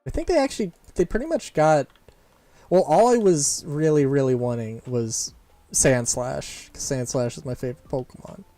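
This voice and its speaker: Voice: medium pitch, lively intonation, normal speed, mellow. A streamer and voice actor chatting casually during a live game stream, rambling, often restarting sentences and laughing. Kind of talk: casual live-stream chat while playing. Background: faint game music and keyboard typing.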